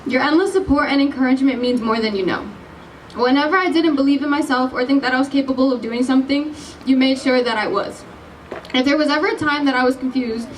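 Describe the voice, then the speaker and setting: A high-pitched girl in her late teens, the class president, gives a giggly, bubbly commencement address and apologizes when she loses her place. The rough recording comes from a distant mic with slight background noise.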